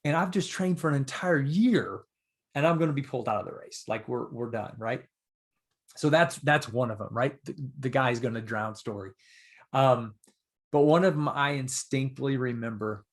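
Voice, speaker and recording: A man guesting on a podcast, telling stories in a casual, animated and earnest way. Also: medium pitch, normal speed. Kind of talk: casual storytelling.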